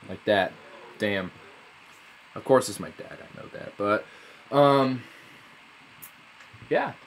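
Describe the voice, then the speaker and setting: A young man rambling through a casual vlog, swearing a lot, sarcastic and prone to sudden loud high outbursts. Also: animated, slow pace, a little hiss or hum. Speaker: vlogger.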